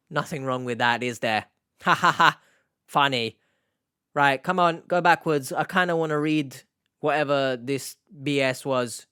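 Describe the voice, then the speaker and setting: A man's voice: mid-range voice, a bit bright, clear, resonant tone, no echo, clean studio sound. Sarcastic man doing reaction commentary. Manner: sarcastic, mocking. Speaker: online reaction host.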